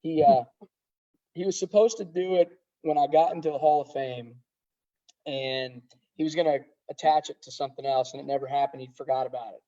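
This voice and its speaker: A middle-aged man, a high school wrestling coach, talking earnestly in a casual podcast interview, rambling with many restarts. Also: fairly quick, mellow. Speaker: head wrestling coach, guest. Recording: dull lo-fi sound.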